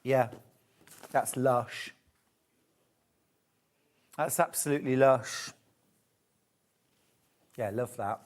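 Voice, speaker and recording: A man's voice: mid-range voice, steady tone, drawn-out words, pauses often. A man presenting a live shopping channel show, chatty and gushing as he demonstrates fabrics. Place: TV shopping studio.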